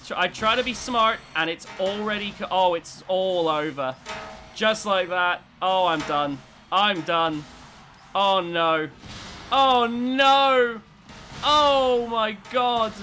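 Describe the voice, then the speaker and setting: A man giving excitable commentary as he plays a robot combat video game, swinging between tense muttering and loud cheering. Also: high voice, measured pace, soft background music. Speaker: gaming YouTuber.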